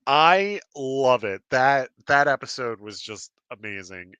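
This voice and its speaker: A man hosting a live podcast stream in casual chat, excited and laughing often, with lots of fillers and restarts. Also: medium pitch, takes it slowly, few pauses, clean tone, no room sound. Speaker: podcast host.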